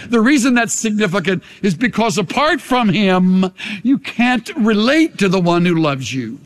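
A man's voice: high voice, expressive. An older man, a pastor, preaching a sermon and leading an altar call in a large church. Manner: impassioned preaching with long pauses. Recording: long hall reverb.

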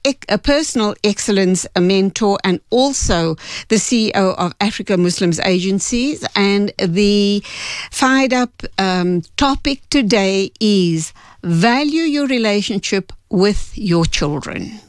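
A woman hosting a radio news show, measured and courteous as she puts questions and links segments. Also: medium pitch, animated, clear, resonant tone, no room sound, studio quality.

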